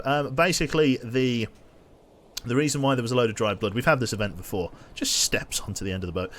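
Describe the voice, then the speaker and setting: A man's voice: mid-range voice, expressive, a little fast, a bit bright. A man chatting casually while streaming a game, rambling with lots of fillers and restarts. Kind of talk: casual gaming livestream commentary.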